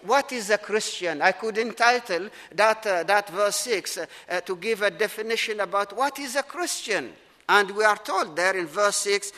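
A middle-aged man preaching a sermon in a church, earnest and emphatic, leaning on key words with slowed, repeated phrases. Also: high-pitched, sharp tone. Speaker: pastor. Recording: long reverb of a large hall.

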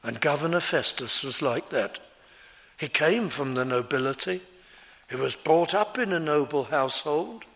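A male preacher giving an expository sermon, explaining a scripture passage verse by verse in an earnest, measured way. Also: a little high, a bit bright.

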